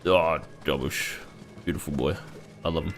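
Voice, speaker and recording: A man's voice: rumbling low, normal speed, soft background music. A young man chatting casually and rambling while playing a game, swearing freely. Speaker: gaming streamer. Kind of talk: casual gameplay commentary.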